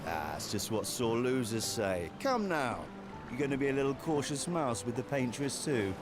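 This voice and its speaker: An actor playing a cocky, needling expeditioner who likes cards and is said to cheat. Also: male voice, mid-range voice, big pitch swings, moderate pace, natural voice. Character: bold, teasing card-playing expeditioner. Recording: game audio with music underneath.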